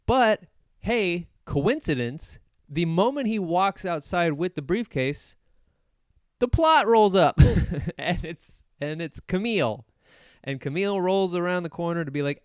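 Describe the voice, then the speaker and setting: A man hosting a podcast alone, casually recapping a film with jokes, laughs and quick put-on voices for the characters. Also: a little high, lively intonation, clear, resonant tone, no room sound, studio quality. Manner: joking, acts out movie characters in quick voices; laughs often while retelling. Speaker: podcast host. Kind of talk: solo casual movie recap.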